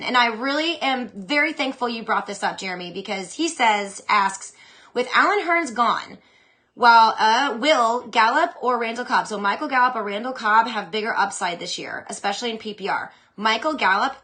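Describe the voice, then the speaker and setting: A young adult woman hosting a fantasy football show, chatting casually and with strong opinions as she answers listener questions. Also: fairly high pitch. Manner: chatty, opinionated, animated, with quick asides. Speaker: fantasy football podcast host.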